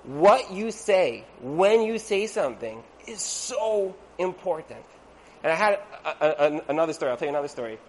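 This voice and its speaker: Man, religious teacher, storytelling talk, acts out characters, casual asides, a bit high-pitched, faint background hiss. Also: normal speed, rough recording. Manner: animated storyteller who acts out the people in his stories; conversational, with frequent "like" and asides.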